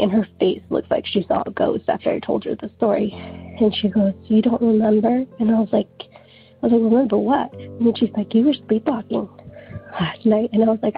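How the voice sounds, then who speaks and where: A woman calling in to tell a story in a rambling, casual way, filling her sentences with "like.". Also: mid-range voice. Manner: rambling, heavy use of "like". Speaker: caller. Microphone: telephone. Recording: phone line with faint music.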